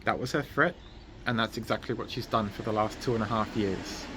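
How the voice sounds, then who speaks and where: A man livestreaming a personal monologue outside his house, speaking slowly and deliberately and repeating himself. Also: fairly low pitch, noisy background. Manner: slow, deliberate and repetitive. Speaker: livestreaming vlogger. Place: outdoors at the front of his house.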